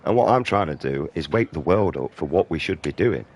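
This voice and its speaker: Very deep-voiced, ranting British man. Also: lively intonation, fairly quick. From Britain. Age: 30s. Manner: ranting, profane, combative. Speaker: gaming streamer. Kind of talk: profane rambling commentary over gameplay.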